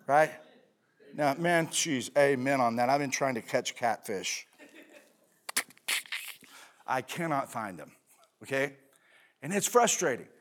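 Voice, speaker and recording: A man's voice: medium pitch, lively intonation, takes it slowly, long pauses. A male pastor preaching a sermon in a conversational way, asking rhetorical questions and answering them himself, with fillers and asides.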